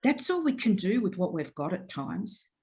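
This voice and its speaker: A woman's voice: medium pitch, very animated, moderate pace, mellow, breathy edge. A woman interview guest speaking earnestly and reflectively in a heartfelt way. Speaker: guest, mental health consultant. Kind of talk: interview conversation.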